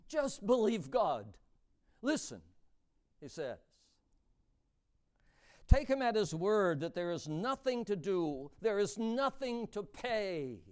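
A man preaching with a high, clear, smooth voice. His pitch swings widely as he moves from hushed asides to booming lines. He speaks slowly and stretches out key words. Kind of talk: sermon.

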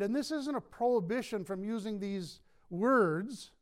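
A male pastor preaching a sermon in a church, emphatic, with slow stressed words and light chuckles. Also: high-pitched, expressive. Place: church sanctuary.

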